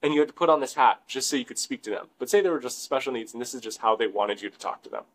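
A man's voice: medium pitch, racing, low-quality recording. A young man co-hosting a podcast, talking casually and rambling, with many fillers and some swearing. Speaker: podcast co-host.

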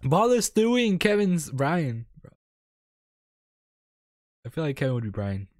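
A man's voice: on the high side, very animated, measured pace, a little mellow, no echo, studio quality. Laughing guy directing the fun. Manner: laughing often, bossing the impression game. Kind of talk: casual chat with friends.

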